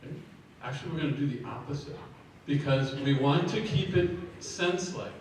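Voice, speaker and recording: A man leading a choir rehearsal, giving brisk feedback on phrasing and breathing, counting the singers in and singing short sample phrases. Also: fairly high pitch, darkish tone. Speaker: choir clinician. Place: large echoey rehearsal hall. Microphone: room recording from a distance. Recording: echoey hall from far off, faint noise.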